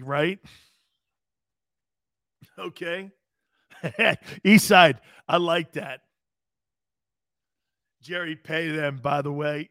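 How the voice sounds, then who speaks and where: A brash sports talk host with a high-pitched voice, needling his viewers and swearing freely. He sounds combative but playful as he answers comments live. The recording is dry, with no room sound. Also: a bit bright, no room sound. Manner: brash and profane, talks straight to viewers.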